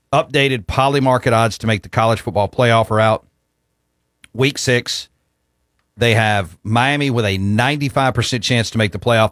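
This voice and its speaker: A man's voice: on the low side, a bit bright, no echo, studio quality. A man hosting a casual sports talk show, easygoing as he reads out listener texts and chats about college football.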